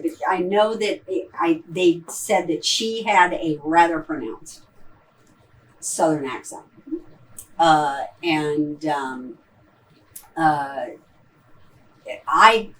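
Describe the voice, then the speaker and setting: A woman's voice: low-pitched, a bit bright, distant mic, low-quality recording. A woman with a Midwestern accent, an actress answering audience questions after a performance in a rambling, hesitant way full of ums and restarts. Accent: Midwestern American. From Ohio. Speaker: stage actress in a post-show talkback. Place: theater auditorium.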